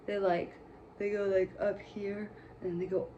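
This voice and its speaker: A woman's voice: medium pitch, little pitch movement, unhurried, dark tone. A woman giving casual, chatty movie commentary, gushing and joking as she talks. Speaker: movie reviewer.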